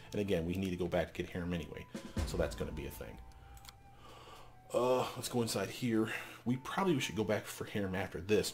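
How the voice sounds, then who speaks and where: A man casually commenting on a fantasy game and reading its text aloud, thinking out loud. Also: deep voice. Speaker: let's play host.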